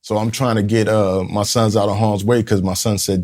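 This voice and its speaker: His voice is fairly low, steady and darkish, at a normal speed: a Newark, New Jersey community leader in his fifties appearing as a podcast guest. He shares a blunt, profane personal story in street-smart phrasing and acts out the voices of the people he quotes.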